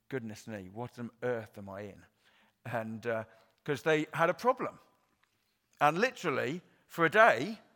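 A man's voice: medium pitch, fairly bright tone. A middle-aged male pastor from Wales giving an earnest, conversational sermon, with frequent ums and uhs.

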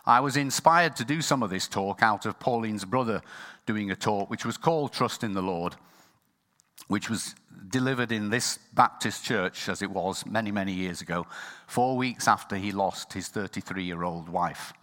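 A lower-pitched man preaches as pastor in a church, his voice bright and forceful. He talks in an earnest way and sometimes drops to a hushed tone. A long hall reverb trails every phrase. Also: normal speed. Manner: earnest, softening to a hushed close. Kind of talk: sermon.

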